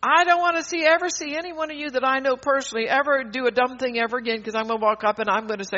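Speaking quickly in a high, sharp voice with fairly even intonation, a woman preacher gives an emphatic, fervent sermon. She rambles with constant restarts and laughs mid-sentence, heard through a dull lo-fi recording.

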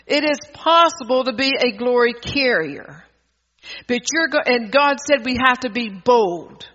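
A man's voice: very high-pitched, animated, measured pace, pushed and bright. A man preaching a fervent sermon at a church service, asking the congregation rhetorical questions. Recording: dull audio with long hall reverb.

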